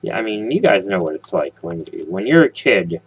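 A man with a deep, slightly husky voice gives casual gameplay commentary. He rambles from topic to topic, tossing jokes and questions at his viewers. His talk is loose and chatty. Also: sing-song, normal speed, poor audio. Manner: rambling, jokey, talks straight to viewers. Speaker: let's play host.

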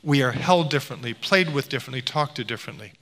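Bright-voiced man lecturing in a reverberant hall. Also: mid-range voice, lively intonation, fast. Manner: storytelling with playful voice impressions. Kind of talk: public lecture.

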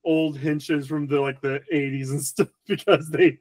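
A man's voice: on the high side, steady tone, a little slow, darkish tone, no echo. A man chatting as a panelist on a podcast over a video call, rambling and giggling with lots of fillers. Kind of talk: casual panel chat.

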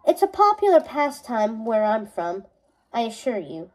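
A woman's voice: on the high side, sing-song, unhurried, darkish tone, rough recording. A woman voicing a proud young male prince who teases with dry quips. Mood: wry.

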